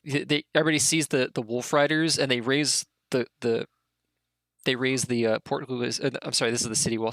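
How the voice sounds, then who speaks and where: A man's voice: medium pitch, fairly bright tone, no echo. Rambling game master man. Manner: rambling, many fillers and restarts. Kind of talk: narrating a tabletop game.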